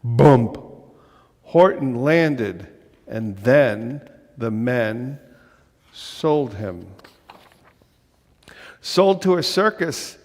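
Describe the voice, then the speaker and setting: Slow, expressive minister reading a storybook. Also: male voice, mid-range voice, big-room sound. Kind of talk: reading a picture book aloud in a service. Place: church sanctuary.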